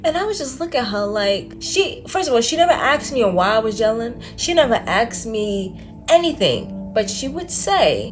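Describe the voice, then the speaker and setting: A woman's voice: fairly high pitch, lively intonation, moderate pace, soft background music. A woman vlogger telling her own story to camera in a casual, blunt, emphatic way, with lots of "like" fillers and slang. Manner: emphatic, candid, frequent "like" fillers. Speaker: self-development vlogger.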